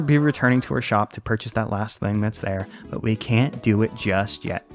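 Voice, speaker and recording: A man's voice: on the low side, normal speed, soft background music. A young man giving casual, rambling, jokey commentary while playing a video game, often correcting himself mid-sentence. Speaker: let's play commentator.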